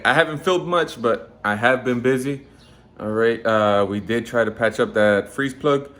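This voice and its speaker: A man's voice: mid-range voice, a bit bright. Laid-back man vlogging in his garage. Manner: laid-back, rambling, repeats "gonna go ahead". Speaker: car build vlogger. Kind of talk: casual garage vlog.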